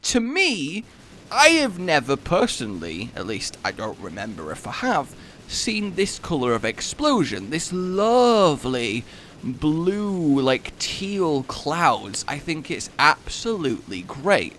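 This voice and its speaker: Animated, bright-voiced man. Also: on the high side, takes it slowly, slight background noise. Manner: rambling, self-mocking, bursts into loud laughing shouts. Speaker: gaming YouTuber. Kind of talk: casual gameplay commentary.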